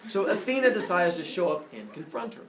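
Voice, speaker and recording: A man's voice: high voice, very animated, fairly quick, a crowd in the background. A young man teaching a class, retelling myths in a playful way with sound effects and asides. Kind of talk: animated classroom storytelling. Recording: echoey classroom, camera far off.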